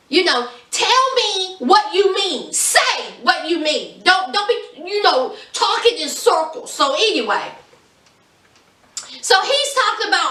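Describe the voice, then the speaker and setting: A woman recapping a reality show in a sassy, mocking, animated way. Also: extremely high pitch, a little slow, roomy sound, far from the mic. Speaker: reality TV reviewer. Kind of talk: casual recap commentary.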